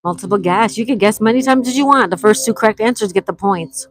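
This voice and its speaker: A woman's voice: medium pitch, fast talker, low-quality recording. Chatty woman hosting a live trivia stream. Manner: reads questions twice, greets players by name. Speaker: trivia game host.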